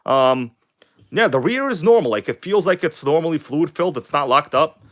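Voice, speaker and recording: Excitable man hosting a livestream, higher voice. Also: normal speed. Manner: excitable, chatty, greets viewers and reads chat aloud. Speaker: RC car livestream host. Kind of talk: casual live-stream chat.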